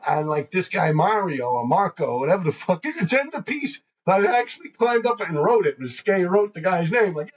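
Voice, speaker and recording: A man's voice: high voice, big pitch swings, moderate pace, hardly any pauses, lo-fi sound. A man hosting a graffiti show, telling rambling, profane stories in a casual way. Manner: rambling, profane, laughing often. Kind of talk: casual storytelling.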